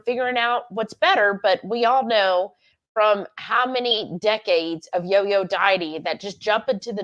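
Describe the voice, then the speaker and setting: A woman's voice: medium pitch, fairly bright tone, dull audio. A woman co-hosting a livestream, chatting candidly in a rambling, self-correcting way. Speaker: livestream co-host. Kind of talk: casual chat.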